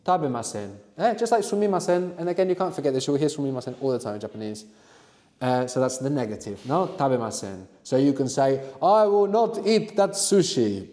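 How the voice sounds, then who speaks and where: A man's voice: mid-range voice, quick pace, dark tone, in a large hall. A man teaching a language lesson, asking the student questions and adding "no?" at the end of his points. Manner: prompting questions, frequent "no?" tags.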